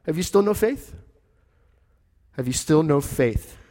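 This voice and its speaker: A man's voice: expressive, a little slow, mellow, in a large hall. A man acting out Jesus in a sermon, asking his disciples in a casual, teasing way why they are scared. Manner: casual, teasing, high-pitched. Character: calm, teasing male teacher, grown man.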